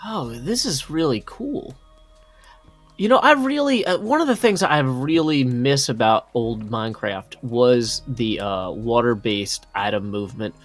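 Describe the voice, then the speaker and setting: A man co-hosting a livestream who talks quickly and chats enthusiastically. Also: medium pitch, lively intonation, soft background music. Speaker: co-host on a livestream. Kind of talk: casual livestream chat.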